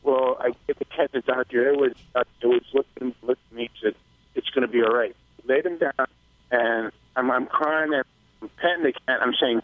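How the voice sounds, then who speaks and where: A man's voice: mid-range voice, no echo. Emotional man calling in by phone. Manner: emotional, halting, with restarts. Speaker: caller. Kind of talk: telling a personal story on a radio show. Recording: tinny phone line.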